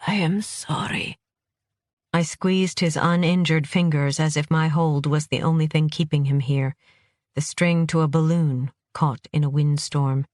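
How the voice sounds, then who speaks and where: An audiobook narrator giving a first-person thriller reading, steady and even. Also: medium pitch, normal speed, no room sound, studio quality.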